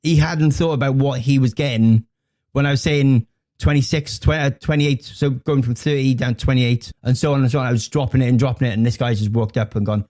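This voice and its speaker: Halting man in casual podcast chat. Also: mid-range voice, steady tone, darkish tone. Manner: halting, searching for words with repeats and restarts. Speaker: podcast co-host.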